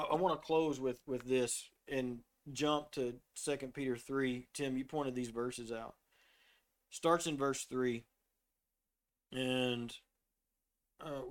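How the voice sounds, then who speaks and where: In a relaxed conversation about faith, a middle-aged man shares a personal story with earnest storytelling, reading scripture aloud at times. His mid-range voice is fairly even and measured, softening whenever he quotes himself.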